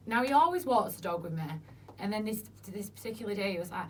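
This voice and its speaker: A woman's voice: lowish voice, fast talker. A woman guest telling frank stories, swearing freely and acting out what people said. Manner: chatty, swears freely, acts out quotes. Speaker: interview guest. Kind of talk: frank casual chat. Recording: distant mic with faint noise.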